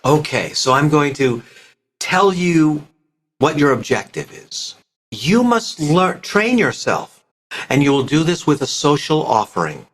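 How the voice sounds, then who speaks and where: A man appears as a voice coach guest on a podcast interview, explaining things expressively in a slightly bright voice. His pitch swings widely and shifts often, and he breaks into quick demonstration voices.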